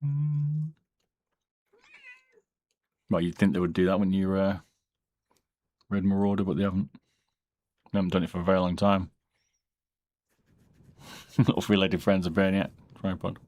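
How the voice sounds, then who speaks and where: Low-voiced, laid-back streamer. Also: male voice, unhurried, long pauses, no echo. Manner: relaxed, rambling, answers chat between asides. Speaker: streamer and mouse modder. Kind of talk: casual live-stream chat. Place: home, during a live stream.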